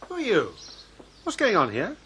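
A flustered gentlemanly friend. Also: male voice, high-pitched, huge pitch swings, normal speed, slight background noise, full character voice. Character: anxious gentlemanly friend with a false leg. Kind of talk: radio drama acting.

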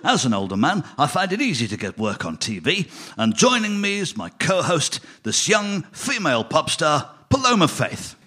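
A man's voice: on the high side, huge pitch swings, moderate pace, hardly any pauses, pushed and bright, breathy edge, heavily acted. A man playing a jolly older TV presenter who chuckles through his sentences. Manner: jolly, chuckling between phrases.

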